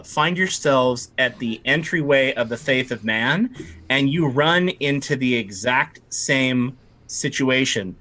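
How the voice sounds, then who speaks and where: A man's voice: medium pitch, pushed and bright. A man running a tabletop game as game master, narrating casually with lots of fillers and restarts. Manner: casual, rambling, many fillers.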